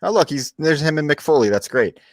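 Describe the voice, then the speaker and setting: A man's voice: fairly high pitch, expressive, fairly quick, a little mellow. A man hosting a casual podcast, easygoing and steering the talk with plenty of fillers. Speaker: podcast host.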